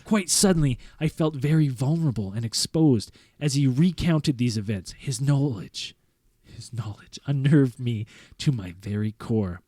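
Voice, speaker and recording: Podcast guy reading a story out loud, keeps cracking up, mid pitch, super dry studio sound. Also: unhurried, no echo. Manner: reads earnestly, breaking into laughter. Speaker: podcast host.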